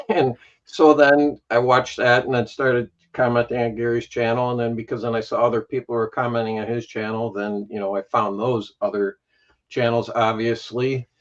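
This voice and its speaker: A man's voice: mid-range voice, level tone, normal speed. A man with a Chicago accent, a guest on a live stream, telling stories in a rambling, self-deprecating way. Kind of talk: casual chat on a live stream. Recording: dull lo-fi stream audio.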